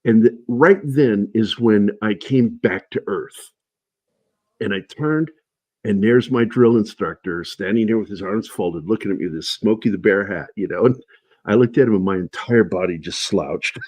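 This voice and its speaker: A middle-aged man telling animated stories in a casual livestream chat, his voice husky and low. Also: normal speed, dry recording. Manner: animated anecdotes, shouting in quoted lines. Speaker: guest.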